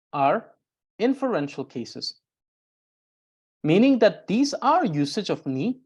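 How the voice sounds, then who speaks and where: A woman with a low, lively voice teaches grammar in a recorded language lesson. She explains slowly, often pausing with "uh" and restarting, and reads example sentences aloud.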